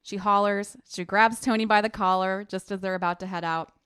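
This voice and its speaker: A woman co-hosting a casual book podcast, chatty and quick to laugh. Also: mid-range voice, steady tone, fairly bright tone, clean tone, dry recording, studio quality. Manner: chatty, giggly. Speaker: podcast co-host.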